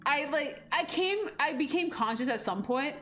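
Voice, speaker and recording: A woman in her twenties streaming a game, chatting in a rambling, animated way with lots of fillers and casual swearing. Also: high-pitched, normal speed. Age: 20s. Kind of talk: casual gameplay chat.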